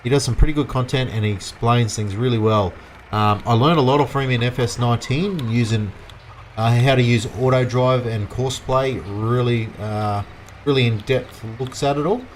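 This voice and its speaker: Medium-pitched and at a normal speed, an Australian man chats with his audience and rambles casually as he streams a farming game. A little hiss or hum sits under the audio.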